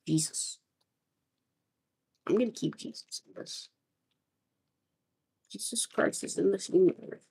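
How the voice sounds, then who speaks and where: A woman improvising a rambling story narration, acting out groups of people in quick quoted asides. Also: medium pitch, gravelly, darkish tone, husky. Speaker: map series narrator.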